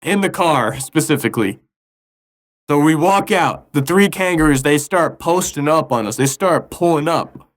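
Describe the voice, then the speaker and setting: A man's voice: on the high side, lively intonation, normal speed. Young man telling a rambling absurd story. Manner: rambling, laughs through his own story. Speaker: podcast co-host. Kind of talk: casual comedic storytelling.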